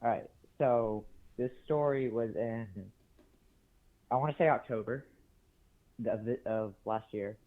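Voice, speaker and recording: A teenage male caller telling a story with many pauses and fillers. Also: mid-range voice. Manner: hesitant, many ums and uhs. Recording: tinny phone line.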